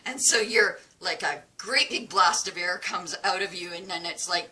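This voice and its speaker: A woman's voice: on the low side, measured pace, hardly any pauses, sharp tone, poor audio. A woman vlogger telling a casual, chatty story at home, acting out both sides of a conversation. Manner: chatty, retells dialogue with quoted voices. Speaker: crafting vlogger. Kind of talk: casual storytelling while crafting.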